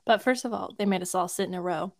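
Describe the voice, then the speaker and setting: A woman's voice: on the low side, fast talker, creaky, dry recording, clean studio sound. A woman co-hosting a podcast in casual chat who agrees readily, laughs often and tells rambling anecdotes. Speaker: podcast co-host.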